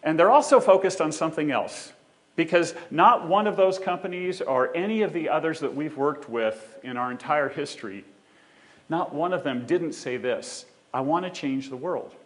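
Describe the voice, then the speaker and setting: On a theater stage, a man with a fairly high voice delivers a conference talk at moderate pace. Animated and joking, he paces while speaking and plays to the audience.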